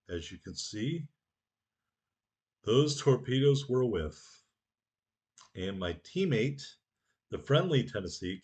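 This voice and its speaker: A man commentating over his own naval video game footage from home, excitable, joking and playing up mock anger at his teammates. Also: medium pitch. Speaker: gameplay commentator.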